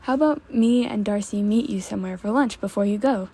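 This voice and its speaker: Woman voicing a chirpy young woman friend, caring, gravelly, husky. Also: medium pitch, brisk, warm tone.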